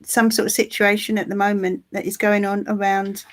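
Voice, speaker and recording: A woman giving a live psychic reading, soothing and reassuring, with frequent pauses and restarts. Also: medium pitch, little pitch movement, a little hiss or hum. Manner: soothing, reassuring, calls the listener "my love"; halting, with many ums and restarts. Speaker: tarot reader.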